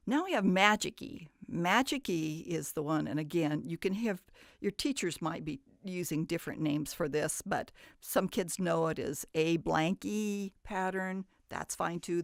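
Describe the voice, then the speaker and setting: A woman leads a phonics lesson in a dry, close-sounding recording. She explains things patiently and step by step, lifting her voice to stress each sound she demonstrates. Her voice sits low with a gravelly edge. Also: no room sound. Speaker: reading teacher.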